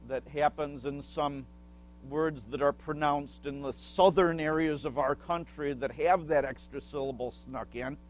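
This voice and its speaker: A male pastor delivers a sermon at an unhurried, deliberate pace. His voice sits a little high for a man. He teaches with small asides and puts questions to the congregation, waiting for answers.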